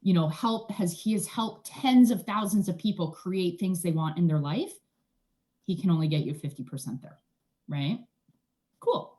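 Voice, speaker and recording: A woman's voice: fairly low pitch, moderate pace. A woman speaking as a guest in an interview, explaining things in a chatty, casual way and often checking in with "right?". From Canada. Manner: chatty, often tags "right?", animated asides. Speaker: energy healer, guest.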